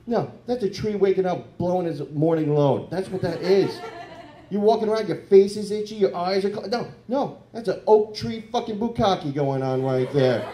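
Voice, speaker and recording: Guy doing a crude rambling stand-up set on a club stage, kinda high voice, echoey room. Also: moderate pace. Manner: crude, rambling, swings into loud mock voices. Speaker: stand-up comedian.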